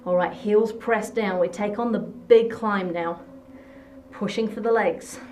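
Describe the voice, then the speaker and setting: An upbeat woman guides a workout class with brisk instructions and steady encouragement. Her voice sits in a middle pitch, and she clips each cue short. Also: a little hiss or hum. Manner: encouraging, coaching cues in short bursts. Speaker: fitness instructor.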